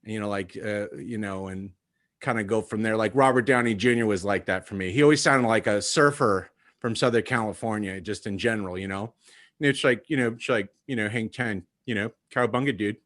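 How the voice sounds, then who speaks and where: A man's voice: lowish voice, a little fast, fairly bright tone. Rambling male impressionist on a podcast. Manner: rambling, peppered with filler phrases. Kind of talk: casual chat.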